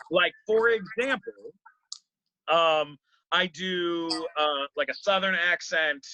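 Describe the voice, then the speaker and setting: A man's voice: fairly high pitch, pushed and bright, no echo, poor audio. A man, a comedian, chatting casually in an interview, rambling with many fillers and restarts.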